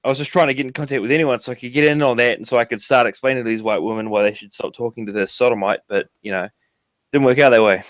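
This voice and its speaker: A man with a New Zealand accent rambles on as a caller, swearing freely and leaning on fillers. His voice is dry and close, with an average pitch. The delivery is loose and conversational. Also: fairly even intonation, rapid-fire, dry recording. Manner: profane, rambling, filler-heavy. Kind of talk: casual call-in chat.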